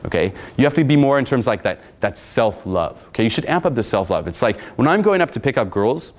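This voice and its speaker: A young man coaching in a loose, swaggering way. His pitch swings a lot as he talks, and he swears freely. He sounds brash and animated. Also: fairly quick. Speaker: dating coach. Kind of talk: casual coaching talk.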